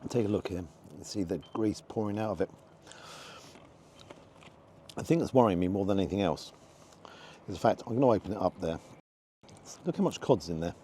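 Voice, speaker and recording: A man's voice: fairly low pitch, warm tone, a little hiss or hum. A man giving a frank, disappointed running commentary as he tastes food outdoors for his review vlog.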